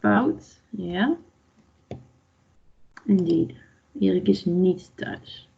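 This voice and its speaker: A woman teaching an online language class, unhurried and patient, with a gravelly, husky voice. She quizzes the class and explains each answer. The sound is dull and lo-fi. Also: lowish voice, dark tone. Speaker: Dutch teacher.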